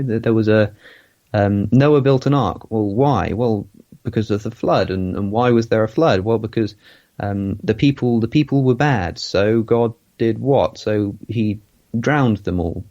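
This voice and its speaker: A man with an English accent, a guest in a casual interview, talking thoughtfully and pausing often with ums. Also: on the low side, dark tone, highs cut off.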